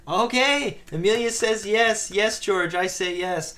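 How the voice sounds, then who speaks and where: A man with a high, slow, pushed and bright voice hosts a casual live stream, chatting and reading viewer comments aloud as he builds a Lego set.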